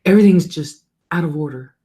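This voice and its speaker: A man's voice: a little high, a little fast, mellow, slightly rough, voice pushed up. A man mimicking a fussy elderly mother. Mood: fretful. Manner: fretful, then bossy.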